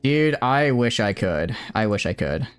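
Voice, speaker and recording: Rambling man streaming a game, lively pitch. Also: unhurried, smooth, faint music behind. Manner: rambling, joking asides, swears heavily when frustrated. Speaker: gaming streamer. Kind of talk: casual live-stream commentary. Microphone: streaming mic set to cap loud shouts.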